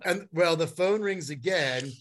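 A middle-aged man telling a long story as a guest, animated and rambling, with many fillers and restarts. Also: on the high side, measured pace. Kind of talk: storytelling in a conversation.

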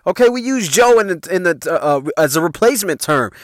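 A man's voice: sits high, lively intonation, fast talker, no echo. A man in his forties from Chicago, with a Chicago accent, hosting a casual storytelling podcast in a loose, profane way and laughing at his own jokes. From Chicago, USA. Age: 40s. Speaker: podcast host.

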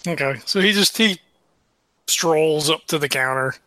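A man's voice: fairly high pitch, a little slow, bright, forceful tone. A man playing a tabletop role-playing game, upbeat and conversational. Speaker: player.

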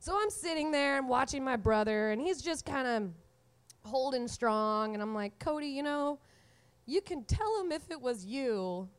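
A woman in her twenties telling a comic story from her own life, animated and often laughing through the punchlines. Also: high-pitched, normal speed, smooth. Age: 20s. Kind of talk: live comedic storytelling.

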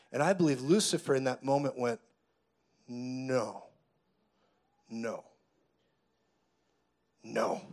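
A man preaching a sermon, telling a story dramatically and building to loud, fervent declarations. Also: medium pitch. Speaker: pastor.

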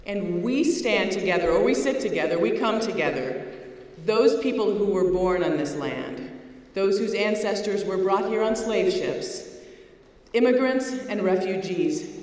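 A woman giving an earnest, emphatic speech at a community event, building rhythmic lists. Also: mid-range voice. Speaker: event speaker. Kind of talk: rally speech. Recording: reverberant hall.

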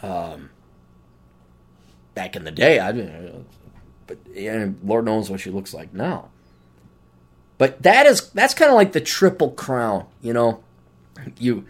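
A middle-aged man hosting a podcast, delivering a crude comedic monologue, mocking people with put-on quotes and getting loud when worked up. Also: medium pitch. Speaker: podcast host.

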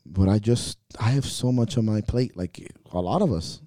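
A man hosting a podcast and talking candidly as a coach, earnest and profane, questioning himself with sighs and trailing pauses. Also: lowish voice, warm tone, no echo.

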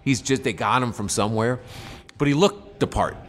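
A man's voice: mid-range voice, normal speed, fairly bright tone, a little hiss or hum. A man telling a long, meandering story as a guest on a chat podcast. He swears freely, circles back with restarts and fillers, and speaks in a mid-range voice. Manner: profane, rambling, full of fillers and restarts. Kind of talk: casual storytelling anecdote.

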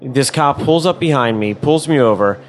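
A man's voice: mid-range voice, animated, normal speed, a little hiss or hum. A man in casual chat, telling a heated, profanity-laced story.

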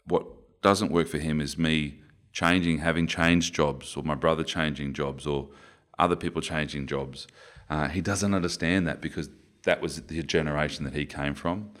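A very deep-voiced man with an Australian accent speaks in a relaxed interview. He rambles and corrects himself as he tells stories. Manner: rambling, self-correcting storyteller. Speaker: interview guest, former rugby player. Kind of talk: conversational interview.

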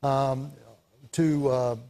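A man co-hosting a casual talk show about movies, chatty and animated, laughing often as he tells stories. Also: medium pitch, extremely slow. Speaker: co-host, film reviewer.

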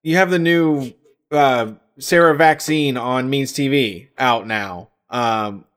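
A man's voice: medium pitch, slow, a bit bright, smooth. Hesitant podcast co-host, a man. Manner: hesitant, filler-heavy. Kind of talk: casual podcast chat.

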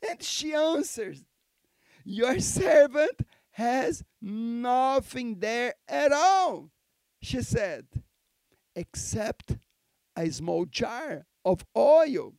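A man's voice: very high-pitched, big pitch swings, drawn-out words, vocal fry, a little mellow, dry recording. A male pastor with Portuguese as his first language, preaching an emphatic sermon in English, repeating key phrases and calling for amens. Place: church.

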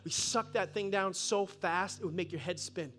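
A man in his fifties, a pastor telling a lively sermon story with excited bursts and laughs. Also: sits high, moderate pace, a little hiss or hum. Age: 50s. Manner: animated, bursts of excited laughter and loud peaks. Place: church.

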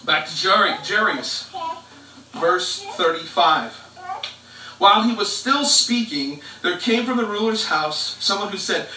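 Male pastor, high bright voice, chatty preaching style, echoey living room, distant mic. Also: expressive, unhurried, a little hiss or hum. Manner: conversational preaching, fillers and restarts. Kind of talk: live-streamed sermon.

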